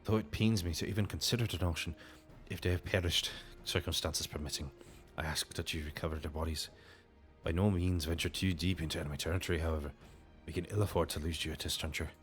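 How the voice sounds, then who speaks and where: A man's voice: sits low, fairly even intonation, quick pace, a bit bright, faint music behind. A man doing a grave Irish commander. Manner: grave, formal, cautious. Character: grave military commander, worried for his men.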